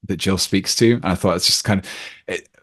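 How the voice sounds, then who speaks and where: A man's voice: deep voice, steady tone, a little fast, fairly bright tone, slightly rough. A man talking casually about a film as a podcast guest, with lots of fillers and restarts. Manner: rambling, many fillers and restarts.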